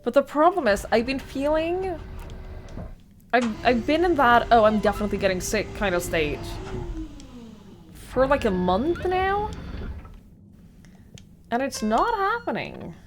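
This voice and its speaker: A woman's voice: high voice, big pitch swings, slow, long pauses, slight background noise. A woman streamer chatting casually and rambling while she plays a game.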